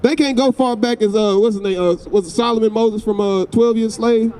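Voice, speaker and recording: Insistent high-voiced preaching man outdoors. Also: steady tone, fairly quick, dark tone. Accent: Southern US. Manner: insistent, questioning, repeats phrases for emphasis. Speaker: street preacher. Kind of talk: street preaching to a passerby.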